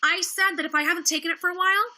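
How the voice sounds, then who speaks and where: A livestream host rants indignantly, sarcastic and profane, yet she sounds worn out, tired and low on energy. Her voice is extremely high, bright and forceful, delivered very fast in a steady tone.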